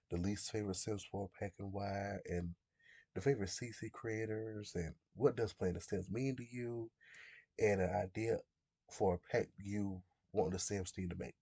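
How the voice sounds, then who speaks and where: A man's voice: lowish voice, dark tone, no room sound. A man in his twenties who is under the weather, casually chatting about a game as a YouTuber in a rambling, self-correcting way. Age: 20s. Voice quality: gravelly, husky. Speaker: gaming YouTuber. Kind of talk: casual chat.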